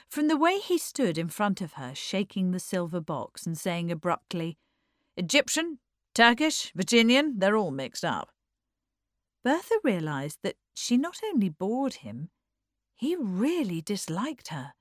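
This audiobook is read by a woman in a mid-range voice, measured yet expressive. The sound is studio quality, with no room sound.

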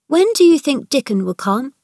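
A woman's voice: sits high, sing-song, moderate pace, darkish tone, no room sound, studio quality, pitched above the performer's own voice. A woman voicing a pale, sickly young boy who fires off eager, breathless questions in a storybook reading.

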